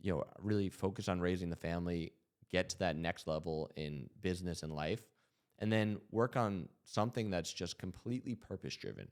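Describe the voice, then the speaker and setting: A man in his thirties with a very low, deep voice speaks earnestly on a podcast. He reflects as he tells his story, leaning on "you know" and "like" as he goes. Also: fairly quick, clean tone. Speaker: podcast host.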